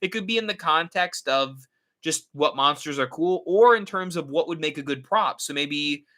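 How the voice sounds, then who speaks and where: A man's voice: a little high, normal speed, bright, forceful tone. A man hosting a casual live stream, rambling and answering viewer comments. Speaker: horror channel host.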